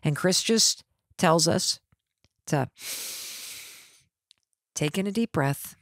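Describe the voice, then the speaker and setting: A middle-aged woman hosting a podcast, telling a personal story in an animated way and acting out what her family said. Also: fairly low pitch, takes it slowly, pauses often, no echo, studio quality. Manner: animated, acts out quoted family dialogue. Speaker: podcast host.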